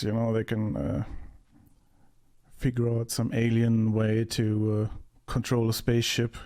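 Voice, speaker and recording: A man's voice: lowish voice, a little mellow. Male movie reactor, casual, sarcastic and mocking. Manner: sarcastic, mocking, bursts of laughter.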